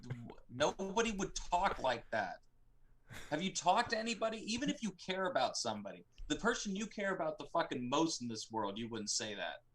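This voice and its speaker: A man's voice: medium pitch, sing-song, brisk, fairly bright tone. Ranting, swearing male podcast co-host. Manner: ranting, profane, sarcastic. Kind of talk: casual review chat.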